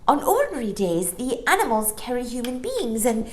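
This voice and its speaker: A woman voicing a polite, earnest young girl in a storybook, high and a bit breathless. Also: sing-song, normal speed. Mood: apologetic.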